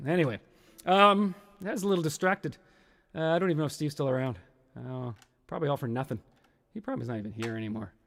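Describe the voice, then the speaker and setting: A man's voice: mid-range voice, a bit bright. A man in his fifties hosting a casual solo stream, rambling and nostalgic, now and then acting out an old sketch in silly voices. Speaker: podcast host.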